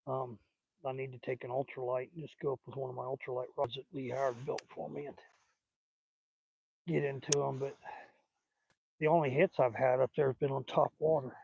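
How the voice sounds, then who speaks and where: A man's voice: mid-range voice, level tone, a little fast, gravelly, pauses often, a little mellow, lo-fi sound, a little hiss or hum. An older man with a Southern US accent, rambling in a folksy, casual way while fishing outdoors at a lake. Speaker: fishing vlogger.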